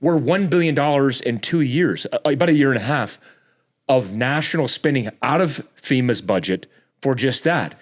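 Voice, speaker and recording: A man's voice: animated, normal speed. Heated, ranting man on a podcast. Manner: heated, ranting delivery with sudden exasperated jumps in pitch; frequent restarts and repeated words. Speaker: podcast guest. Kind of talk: casual chat.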